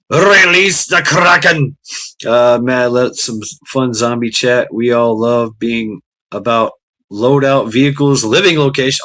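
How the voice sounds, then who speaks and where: A man's voice: medium pitch, a bit bright. A tired man hosting a casual livestream, rambling and swearing as he greets chatters by name. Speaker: livestream host.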